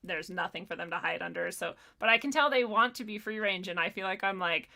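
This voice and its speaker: A woman in her thirties chatting casually on a podcast, animated, laughing and swearing often. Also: medium pitch, fairly quick, vocal fry. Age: 30s. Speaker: podcast host. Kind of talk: casual chat.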